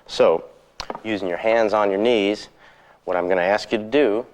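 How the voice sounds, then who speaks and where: A man teaching guitar rhythm on an instructional videotape, relaxed and counting beats aloud. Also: fairly low pitch, moderate pace.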